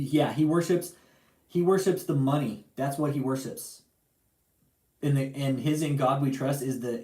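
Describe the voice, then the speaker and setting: The man has a mid-range voice with a dark tone, and the recording is reverberant. He is a livestream host giving a heated rant, angry and profane, full of repetition and direct call-outs to his target.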